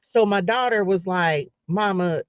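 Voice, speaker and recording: A woman's voice: medium pitch, measured pace, dry recording, highs cut off. Emphatic middle-aged woman on a live stream. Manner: emphatic, repetitive, preacher-like, addresses viewers as y'all. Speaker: faith livestreamer. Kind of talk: casual live-stream talk to viewers.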